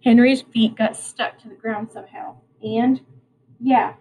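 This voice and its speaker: A woman teacher reading a novel aloud to her class, unhurried and plain, with small slips and restarts. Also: fairly high pitch, fairly even intonation, mellow, a little hiss or hum, poor audio.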